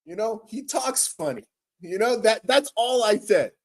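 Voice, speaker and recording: A man's voice: sits high, animated, a little slow. A man hosting a livestream, ranting in a profane, exasperated way with frequent stammers. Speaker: livestream host. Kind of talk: casual livestream rant.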